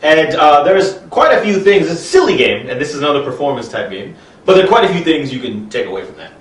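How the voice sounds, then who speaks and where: A man explaining an improv exercise as a trainer, lively and expressive in his delivery. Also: fairly high pitch, fast, echoey room, distant mic, poor audio. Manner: animated, speaks in expressive gibberish while performing.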